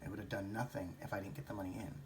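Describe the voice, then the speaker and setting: A man's voice: on the low side, level tone, rapid-fire, slight background noise. A man thinking aloud about a stock trade in a rambling, self-questioning way, with some swearing. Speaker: stock trading vlogger. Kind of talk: thinking-aloud market commentary.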